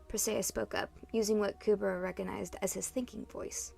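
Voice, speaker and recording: A woman's voice: mid-range voice, little pitch movement, a little fast, creaky, hardly any pauses, dark tone, husky, faint music behind. A woman acting as dungeon master, narrating a tabletop game story and chatting informally to listeners. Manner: chatty and informal in outro, with fillers.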